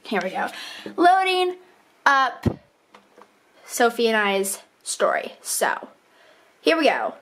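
A woman's voice: medium pitch, sing-song, slow pace, pauses often, pushed and bright, slight background noise. A young woman vlogging casually about her writing, bubbly and gushing, rambling with fillers and self-deprecating asides. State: out of breath. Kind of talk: casual chatty vlog.

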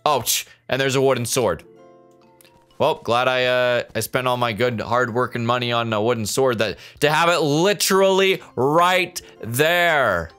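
A man's voice: medium pitch, measured pace, fairly bright tone, clean tone, faint music behind. A man casually commenting on his gameplay, joking and talking to the characters on screen. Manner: jokey, talks to game characters. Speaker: let's play gamer.

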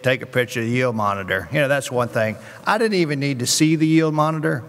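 A man speaks as a guest on a conference panel, rambling and often restarting his sentences. His mid-pitched voice carries the long reverb of a large hall. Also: fairly bright tone. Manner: rambling, restarts and self-corrections.

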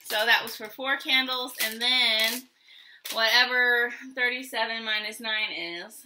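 A woman's voice: a little high, steady tone, unhurried, noisy background. A middle-aged woman hosting a casual haul vlog, chatty and rambling, laughing often as she talks. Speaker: vlog host.

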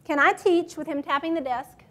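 A woman with a high voice presents a classroom management workshop to fellow teachers. She talks in a matter-of-fact way and keeps putting questions to her audience. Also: normal speed, very noisy.

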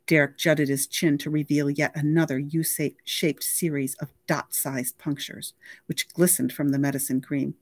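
A library reader reading a novel aloud with lively, expressive storytelling. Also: medium pitch, moderate pace, dry recording, clean studio sound.

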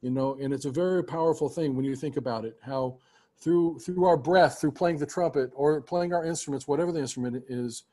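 A man's voice: fairly high pitch, fairly quick. A man teaching music, talking earnestly and at length to his students on a video call, with frequent restarts. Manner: earnest, warm, rambling with restarts. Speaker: music teacher hosting a roundtable. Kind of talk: casual heartfelt talk to students.

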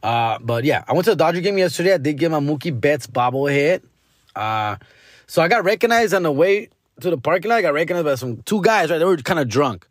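A man's voice: a little high, big pitch swings, fairly quick, no echo, clean studio sound. A male comedian tells a casual story on his podcast, full of swearing, slang and Spanish words.

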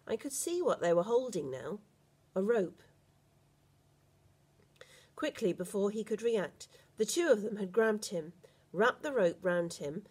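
A woman reading a first-person story aloud at a steady, measured pace. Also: medium pitch.

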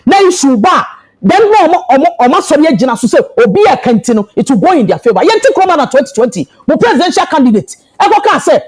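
A woman's voice: high voice, a little mellow, rough recording. A Ghanaian woman who is a party executive, arguing emphatically in a heated TV panel debate. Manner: impassioned, argumentative, emphatic. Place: TV studio.

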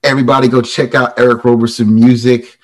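A man's voice: mid-range voice, flat delivery, fast talker. A man hosting a podcast interview, giving short affirmations and wrapping up with thanks. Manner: warm, affirming with short responses. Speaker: podcast host.

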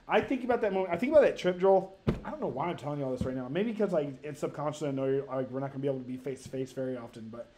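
A man in his thirties telling a story to a friend on a podcast, animated and profane, rambling with many restarts. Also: fairly high pitch, rapid-fire, a little hiss or hum. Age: 30s. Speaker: podcast co-host. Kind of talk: casual storytelling among friends.

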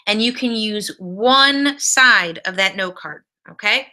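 A woman's voice: a little high, sharp tone. A woman teaching a college speech class in a recorded video lecture, giving direct practical tips.

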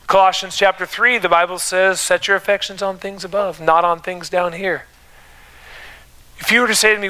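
Bright high-voiced man preaching. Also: level tone, normal speed, clean tone, rough recording. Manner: preaching with rising emphasis and calls to the congregation. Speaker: pastor. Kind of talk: sermon. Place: church sanctuary.

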